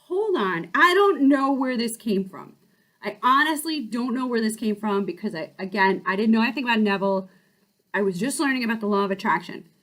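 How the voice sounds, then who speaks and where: A life-coaching channel host, a woman with a fairly high voice, shares a personal story. She talks casually and with animation, often restarting her sentences quickly.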